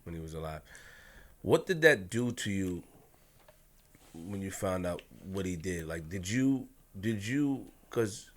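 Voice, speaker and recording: Man, podcast co-host, lowish voice, halting questions, rephrases. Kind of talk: casual interview questions.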